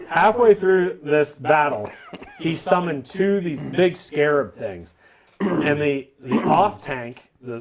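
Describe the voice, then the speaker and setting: A man co-hosting a live podcast, telling a gaming story with swearing and acted-out shouts from his friends. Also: on the high side. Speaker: podcast co-host. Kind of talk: casual storytelling chat.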